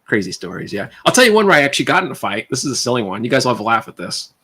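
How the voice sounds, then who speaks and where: A man on a livestream casually telling a personal story, rambling and animated, with restarts and tangents. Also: mid-range voice, rapid-fire, husky.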